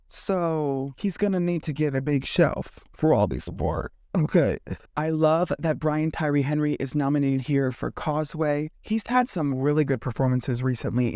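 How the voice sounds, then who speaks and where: A man hosting a casual movie commentary vlog, sassy and animated, swearing freely and slipping into mock voices. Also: on the high side, dry recording, clean studio sound. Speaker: film commentary host.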